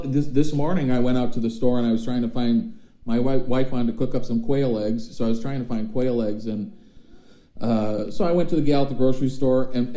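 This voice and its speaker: A man in his thirties with a Wisconsin Midwestern accent, a podcast guest telling stories in a lively, slangy way. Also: mid-range voice, echoey room, rough recording. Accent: Wisconsin Midwestern American. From Wisconsin, USA. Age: 30s. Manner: animated storyteller, slangy, says dude. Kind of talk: casual podcast chat.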